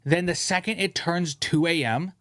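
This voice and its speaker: Brief: rambling, profane podcast host, man, fairly high voice, dry studio sound. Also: moderate pace, dry recording. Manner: animated, profane, rambling storyteller. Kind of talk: casual podcast chat.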